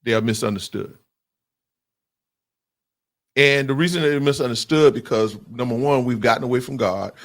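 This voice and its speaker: Gravelly guy hosting a call-in radio show, preachy and emphatic. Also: medium pitch, moderate pace, pauses often.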